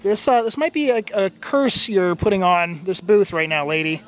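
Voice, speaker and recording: A man's voice: high-pitched, lively intonation, normal speed. A man hosting a casual vlog from a flea market booth, joking and laughing often. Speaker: vlogger host. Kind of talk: casual chat. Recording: noisy crowded flea market. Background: busy crowd and music.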